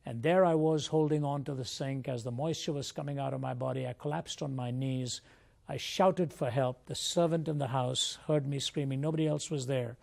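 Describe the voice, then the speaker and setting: Gravelly older man telling his story. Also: mid-range voice, fairly quick, darkish tone. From India. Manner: earnest, reflective storytelling. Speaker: guest speaker. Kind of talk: personal testimony in an interview.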